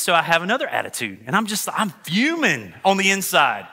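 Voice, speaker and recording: A male pastor preaching a sermon, telling a personal story in an animated way and acting out the voices. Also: fairly high pitch, fast talker, few pauses, husky.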